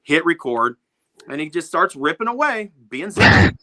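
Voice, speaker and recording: A middle-aged man, a music producer, telling studio stories as a guest with lively, swearing energy, acting out the people he quotes. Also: on the high side, measured pace, no room sound. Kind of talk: animated storytelling in a podcast interview.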